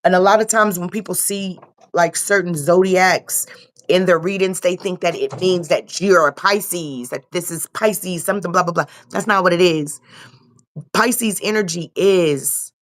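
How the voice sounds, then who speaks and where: Speaking at a measured pace in a lowish, slightly bright voice, a young tarot reader gives a casual, loose reading. She repeats herself a lot and swears without much thought.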